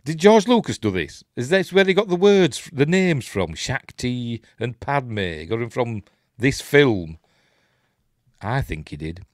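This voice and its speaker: Man, Yorkshire accent, casual commentary, rambling, very animated pitch, dry close sound. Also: unhurried, no echo. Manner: rambling, chatty, reads on-screen text aloud. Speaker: host. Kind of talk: casual live watch-along commentary.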